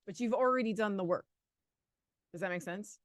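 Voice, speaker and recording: A woman co-hosting a live exam study lesson, chatty and quick to laugh, thinking aloud through answers. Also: mid-range voice, no echo, studio quality. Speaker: exam prep co-host.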